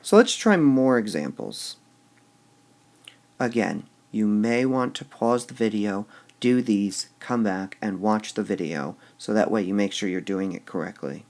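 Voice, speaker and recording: A male teacher talks through a recorded lesson at an unhurried pace, with a gravelly edge to his voice. His pitch moves a lot as he sounds out words with different stresses. He keeps pausing with "all right" between steps. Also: animated, a little mellow. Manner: slow, stops to repeat words with shifting stress. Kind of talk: recorded lesson explaining poetic meter.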